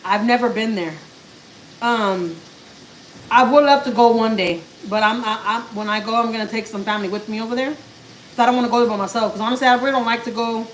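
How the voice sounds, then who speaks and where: A woman's voice: fairly high pitch, a little fast, slight background noise, low-quality recording. A woman chats casually with viewers on a live stream while she cooks at home, talking to her pet and answering comments. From Houston, Texas. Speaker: vlogger doing a live stream. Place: home kitchen.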